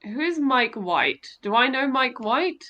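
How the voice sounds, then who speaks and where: A woman's voice: high voice, expressive, unhurried, sharp tone, muffled recording, slight background noise. A woman co-hosting a podcast in casual chat, reading out contestant bios in a playful, jokey way and laughing often. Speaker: podcast co-host.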